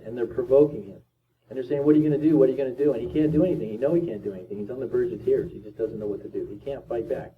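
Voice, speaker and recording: Emphatic man, tinny and distant. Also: medium pitch. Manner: emphatic, swings between loud and quiet. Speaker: motivational speaker. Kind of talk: motivational talk with storytelling. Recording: tinny distant sound with faint ambient noise.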